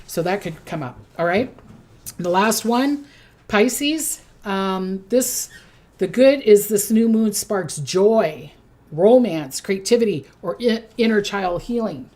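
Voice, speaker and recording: A woman's voice: mid-range voice, expressive, darkish tone. A middle-aged woman giving a casual zodiac forecast, chatty and repetitive, often checking in with "okay?" and briefly mimicking people. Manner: chatty, repeats "okay?", acts out quick voices. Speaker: psychic doing zodiac forecasts. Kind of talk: casual spoken forecast to camera.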